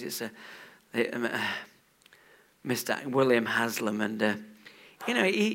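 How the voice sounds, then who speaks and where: A man preaching a sermon in a church, animated, swinging from hushed asides to loud exclaims. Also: mid-range voice.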